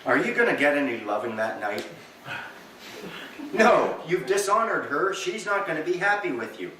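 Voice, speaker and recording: A man giving a lecture to a live audience, animated and joking, acting out little dialogues as he goes. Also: a little high, moderate pace, a little hiss or hum. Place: meeting room with an audience. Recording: echoey room, recorded from far off.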